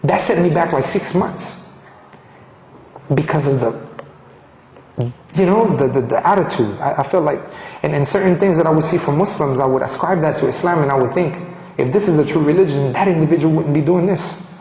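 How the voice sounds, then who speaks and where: A man from Colombia giving a personal testimony, animated and restarting phrases as he tells his story. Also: a little high, fairly quick, gravelly, long pauses, a little hiss or hum. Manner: animated, acts out quoted dialogue, frequent restarts. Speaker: speaker sharing his conversion story. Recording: echoey hall reverb.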